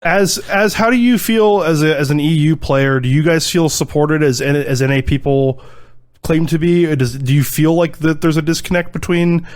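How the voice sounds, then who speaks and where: A man's voice: a little high, normal speed. A man co-hosting a podcast panel, asking the guests questions in casual chat, curious and teasing. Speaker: podcast co-host.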